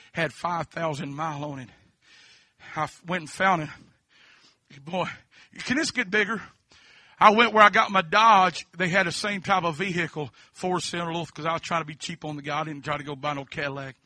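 A high, sharply bright male voice, telling his testimony from the pulpit. He spins a folksy story, drops amens throughout, and flips between hushed asides and full shouting. The sound is close and dry. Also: fairly even intonation, normal speed, no room sound. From Kentucky. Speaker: preacher. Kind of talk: sermon testimony.

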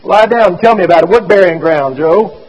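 A man voicing a gentle young doctor at a dying boy's bedside, speaking low and steady. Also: a little fast, natural voice, low-quality recording. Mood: gentle, soothing.

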